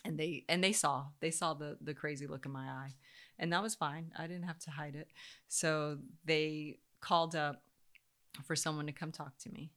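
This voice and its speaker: A woman in her thirties telling a personal story in a casual way, animated and acting out the voices of the people she quotes. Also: deep voice, normal speed. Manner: animated, acts out quoted voices, laughs often.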